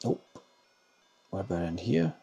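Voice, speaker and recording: A man's voice: low voice, very animated, measured pace, creaky, warm tone, breathy edge, lo-fi sound, soft background music. Man muttering through a game stream. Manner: self-mocking, muttering to himself. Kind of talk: gaming live stream commentary.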